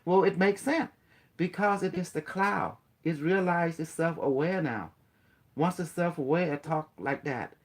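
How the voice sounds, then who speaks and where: Pitched fairly high and unhurried, this male voice delivers an easygoing spiritual talk. He drifts, circles back over the same points, repeatedly asks the listener things, and breaks into chanting for fun.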